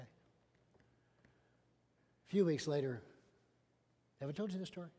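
This middle-aged pastor has a fairly high, husky voice, and a long reverb tail trails his words. Preaching at a measured pace with frequent pauses, he tells animated stories, imitates the voices of those he quotes, and swings sharply between soft and loud.

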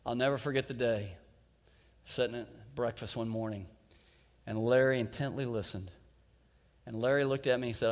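A man preaching a sermon who tells a folksy personal story and drops into a softer, lower voice for quoted lines. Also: steady tone, moderate pace, long pauses. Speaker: pastor. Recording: long reverb of a large hall.

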